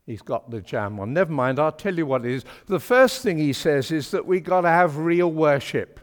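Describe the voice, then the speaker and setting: A man delivers a sermon in a chatty, wry way, pressing hard on his key points. His voice runs somewhat high for a man. The church around him adds a long, hanging reverb. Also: lively intonation, normal speed. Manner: chatty, wry and emphatic, with homely British turns of phrase. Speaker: preacher.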